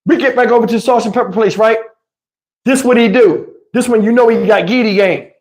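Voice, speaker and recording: Brief: middle-aged male host, high voice, acts out voices while telling a story. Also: fairly quick. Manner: animated, acts out other people's voices. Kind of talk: casual storytelling chat.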